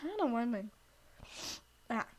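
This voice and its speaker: A woman's voice: fairly high pitch, very animated, moderate pace, a little mellow. A young woman streamer with a scratchy throat, rambling as she retells a story to friends. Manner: rambling, full of "like" and restarts.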